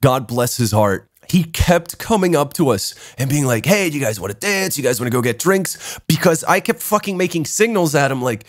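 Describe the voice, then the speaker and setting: A young man hosting a podcast, telling a story in casual chat, animated, swearing a lot and laughing as he talks. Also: fairly high pitch, moderate pace, hardly any pauses, no echo, clean studio sound. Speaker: podcast host.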